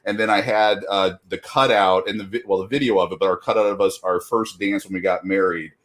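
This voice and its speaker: A man's voice: deep voice, fairly even intonation, a little fast, fairly bright tone. A middle-aged man chatting casually as a guest, rambling with lots of fillers and laughing at himself often. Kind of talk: casual chat.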